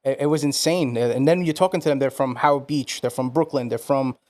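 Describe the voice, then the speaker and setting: A man's voice: mid-range voice, fairly quick, darkish tone. A man co-hosting a podcast in an easygoing way, telling family anecdotes and asking the guest questions. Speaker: podcast co-host. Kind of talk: casual podcast conversation.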